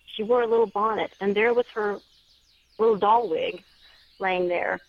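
A paranormal story writer, she's a guest on an interview show telling a personal story chattily, with small restarts along the way. Her pitch is medium and her speed normal, captured in a dry, slightly dull lo-fi recording.

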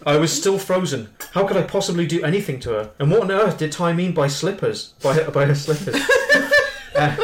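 A man's voice: on the high side, animated, brisk. A man hosting a podcast, reading a story aloud and breaking off to laugh at it. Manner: giggly, breaks off to laugh at the text. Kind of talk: comedic reading and chat. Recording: roomy room with crowd behind.

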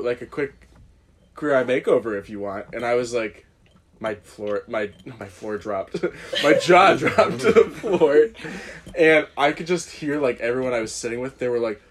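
A man's voice: mid-range voice, animated, moderate pace. A young man casually telling a rambling, self-deprecating story on a podcast, often laughing. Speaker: guest.

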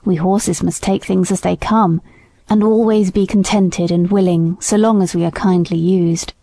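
Brief: indignant old male horse, low and hushed, mellow tone, dry read, as a woman narrator puts him on. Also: fairly even intonation, moderate pace, no echo. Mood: consoling.

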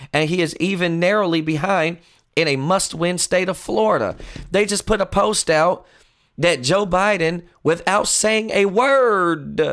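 A man with a high, lively voice delivers a political monologue on his talk show. He mocks and teases, jumping to loud outbursts and then dropping into low, earnest tones.

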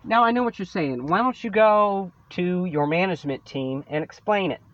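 A man's voice: high voice, normal speed, fairly bright tone, muffled recording. A man hosting his own podcast, venting about a coworker in a profane, sarcastic solo rant. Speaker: podcast host.

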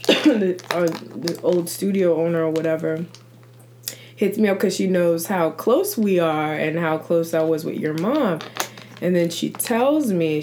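A woman hosting a casual chat, relaxed and supportive, who reacts briefly and then tells her own side of a story. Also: lowish voice, a little hiss or hum. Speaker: host.

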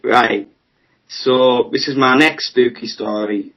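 A man's voice: mid-range voice, slow, lo-fi sound. A teenage boy around fifteen, casually telling a rambling story to friends on a podcast. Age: teenager, about fifteen. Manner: rambling, storytelling, laughs at himself. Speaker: podcast co-host telling stories. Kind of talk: casual chat among friends.

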